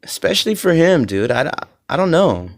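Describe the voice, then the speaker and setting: A man's voice: fairly high pitch, very animated, normal speed, gravelly. A young man hosting a solo podcast, rambling with lots of fillers and swearing, getting heated as he goes. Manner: rambling, profane, many fillers; grows heated and loud. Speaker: podcast host.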